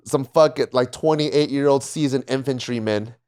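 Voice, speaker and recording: A man's voice: mid-range voice, moderate pace, darkish tone, smooth. A man on a podcast casually telling profane stories about military training, often laughing and acting out drill instructors. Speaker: podcast panelist, former Marine. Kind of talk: casual storytelling.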